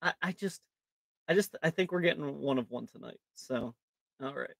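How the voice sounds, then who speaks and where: Dude hosting a card break stream, kinda high gravelly voice, jokey, rambles, laughs a lot. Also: male voice, normal speed, a bit bright, dry recording. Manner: jokey, self-mocking, laughs often; rambling with many fillers. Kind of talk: casual live-stream chat.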